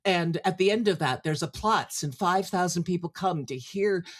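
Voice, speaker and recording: A woman's voice: lowish voice, normal speed. Older woman telling vivid stories. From France, raised in Canada. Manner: animated storyteller, drops into quoted voices. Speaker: guest, singer and actor. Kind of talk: conversational interview storytelling.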